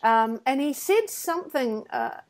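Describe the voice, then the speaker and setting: A woman's voice: high voice, a little slow. Chatty woman telling stories. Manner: animated anecdotes with acted-out quotes and self-deprecating laughs. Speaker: podcast co-host. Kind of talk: casual conversation, storytelling.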